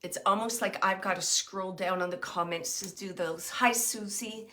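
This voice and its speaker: Bright-voiced woman doing a psychic reading. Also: mid-range voice, fairly even intonation, normal speed. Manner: hesitant, thinking aloud with many fillers; describes impressions as they come. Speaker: psychic medium. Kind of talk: live psychic reading to viewers.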